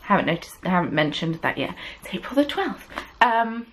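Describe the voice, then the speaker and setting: A woman's voice: lowish voice, sing-song, moderate pace, a little hiss or hum, rough recording. A young adult woman, hosting a crafting podcast in casual, self-deprecating chat full of ums. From England. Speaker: podcast host. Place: home desk.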